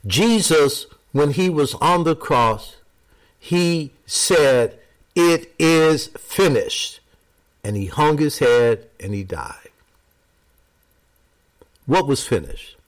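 A man preaching a sermon, speaking emphatically and rising and falling as he makes his points. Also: medium pitch.

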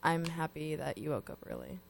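A teenage girl hosting a student radio show, chatting casually in a quick, rambling way. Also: low-pitched, wildly swooping pitch, vocal fry. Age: teens. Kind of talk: casual chat.

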